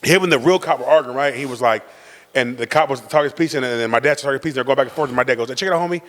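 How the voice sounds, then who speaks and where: Rapid-fire storytelling man in a reverberant room. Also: medium pitch. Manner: rambling, animated, profane, acts out voices. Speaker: podcast co-host. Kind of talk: casual storytelling with his brother.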